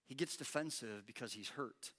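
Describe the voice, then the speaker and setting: Bright-voiced animated male pastor preaching. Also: mid-range voice, moderate pace. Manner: animated, acts out quoted lines with rising intensity. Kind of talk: sermon. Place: church.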